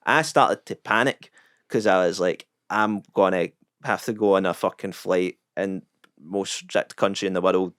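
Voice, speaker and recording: A Scottish man, a comedian, telling a rambling, sweary anecdote in a deadpan, self-mocking way on a podcast. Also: sits low, a little slow, no echo, clean studio sound. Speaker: comedian guest. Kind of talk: casual storytelling anecdote.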